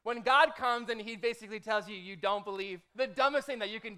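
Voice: medium pitch, fairly quick, hardly any pauses, clean tone. A pastor preaching a sermon, telling a personal story in a chatty way, often tossing in "okay?" and "right?" and acting out their own prayers. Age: adult, formerly a motivational speaker. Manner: conversational, punctuates with "okay?" and "right?"; lively storytelling, acts out own quoted prayers.

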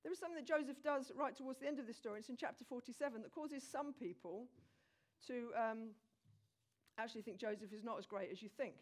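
A fast-talking woman with a fairly high voice delivers her sermon, retelling scripture in an energetic, conversational manner and speaking directly to the congregation.

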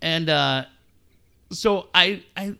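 A middle-aged man telling animated family stories in casual chat, swearing and acting out quotes loudly. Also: on the high side, drawn-out words, vocal fry, clean tone. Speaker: podcast co-host.

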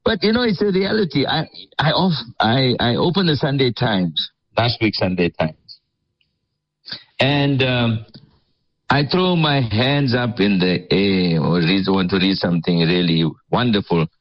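Sarcastic radio commentator, mid-pitched man, chuckles often, slightly muffled audio. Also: animated, unhurried. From South Africa. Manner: sarcastic, chuckling, mock-enthusiastic.

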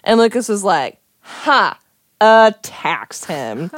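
A woman's voice: on the low side, normal speed, no echo, studio quality. A young woman telling a dramatic personal story in casual chat, swearing freely and acting out what people said. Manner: animated, swearing, acts out quotes. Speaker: storyteller guest.

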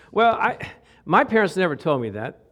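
A middle-aged man preaching an informal sermon, chatting with the congregation, asking them questions and joking. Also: high voice. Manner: conversational, asks the crowd questions, jokes and laughs.

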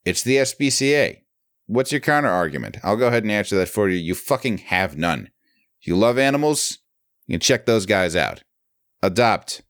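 A man with a very low voice, co-hosting a podcast and chatting loosely, swearing as he goes and laughing often. The sound is dry and close, with no room in it. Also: sing-song, moderate pace, a bit bright, no room sound. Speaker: podcast co-host. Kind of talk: casual chat.

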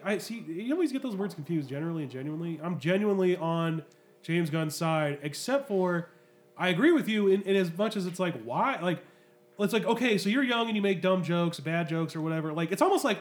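Fast-talking high-voiced man, hesitant. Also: expressive. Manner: hesitant, trailing off, mixing up words. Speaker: podcast co-host. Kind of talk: casual podcast chat.

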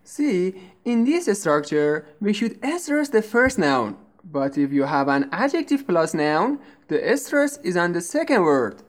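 Woman english teacher, slow and patient, voice goes up and down a lot, lesson dialogue. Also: on the low side, very animated. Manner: patient, explains slowly and clearly. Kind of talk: scripted language-lesson dialogue.

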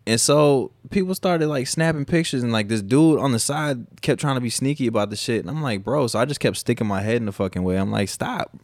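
A man's voice: mid-range voice, quick pace, few pauses, dry recording, clean studio sound. A man co-hosting a podcast, telling stories in a laid-back, profane, casual way. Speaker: podcast co-host and DJ. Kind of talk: casual chat.

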